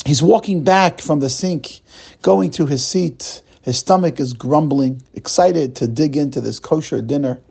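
A man's voice: on the high side, warm tone. A man telling a story as a sermon, dramatic and addressing his listeners as friends. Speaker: rabbi telling a weekly story.

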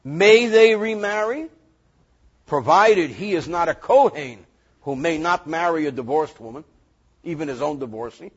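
Male rabbi, reading, lively joking lesson; raspy tone and a muffled, low-fi recording. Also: a little slow. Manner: animated, joking, reads Hebrew verses then translates. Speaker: rabbi teaching Torah.

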